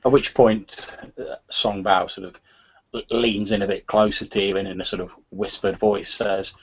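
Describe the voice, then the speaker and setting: A low, husky-voiced man narrates as game master in a tabletop game. He talks in a hesitant way, full of "sort of" fillers. The recording sounds slightly muffled. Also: steady tone, normal speed.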